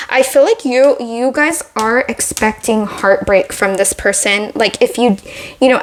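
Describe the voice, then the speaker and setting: A woman giving a casual tarot reading, slightly out of breath, rambling with lots of "like" and restarts. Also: on the high side. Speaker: tarot reader.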